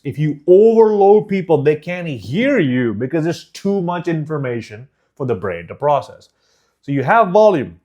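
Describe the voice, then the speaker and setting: A man coaching public speaking, teaching with emphatic, direct demonstrations that swing from loud to whispered and from fast to slow. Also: a little high. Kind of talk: teaching course.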